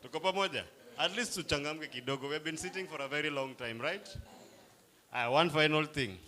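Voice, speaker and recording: A man's voice: on the high side, a little fast, pushed and bright. A man, playfully coaxing a crowd as he leads a group icebreaker game at a live event. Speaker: workshop facilitator.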